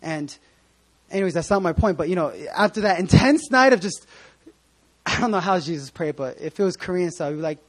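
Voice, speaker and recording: Give me a high-pitched man giving a casual, joking sermon full of asides. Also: lively intonation, fairly quick. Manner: chatty, joking, many asides and restarts. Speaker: pastor.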